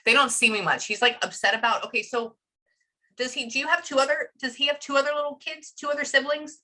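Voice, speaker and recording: A woman's voice: sits high, steady tone, fast, sharp tone. A woman working as a psychic medium, relaying messages in a chatty, emotional reading session full of fillers.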